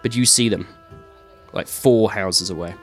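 A man's voice: on the low side, a little slow, faint music behind. A man narrating a tabletop game as game master, describing scenes with many fillers and sound effects.

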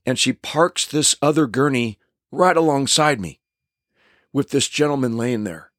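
A man's voice: medium pitch, a little slow, fairly bright tone, no room sound, studio quality. An older man, a stuntman, telling a casual anecdote in a rambling way with many restarts.

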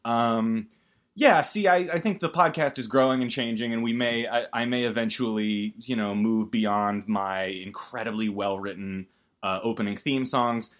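Male comedy podcast host, rambling and self-deprecating, stammers through restarts, mid-range voice that jumps up in pitch. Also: normal speed, a bit bright, lo-fi sound. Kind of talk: comedic solo podcast monologue.

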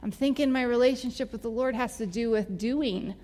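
A woman's voice: on the high side, brisk, a little mellow. A woman giving a personal testimony, telling her story in a candid, emotional way. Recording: long hall reverb.

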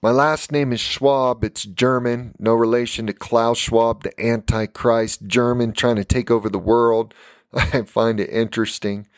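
An American man preaches a fiery live-stream sermon for his podcast, sounding emphatic yet tired. His mid-range voice is clear and resonant, with a steady tone and measured pace, captured in clean studio sound with no echo.

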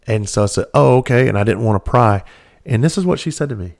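Low-voiced man telling a blunt story. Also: animated, fast, creaky, a little mellow. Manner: candid, profane, rambling with restarts. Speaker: podcast host. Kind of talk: casual storytelling monologue.

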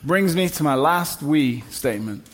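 A man's voice: fairly high pitch, animated, measured pace, a little hiss or hum. A man preaching a sermon at a church service, emphatic and building on repeated refrains. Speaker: pastor.

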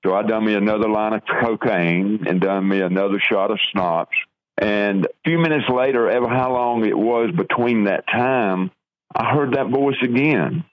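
Older southern-raised man, earnest halting testimony, low voice, dry muffled radio audio. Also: dry recording. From American South. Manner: earnest, halting storytelling with restarts. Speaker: guest telling his testimony. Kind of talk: personal testimony.

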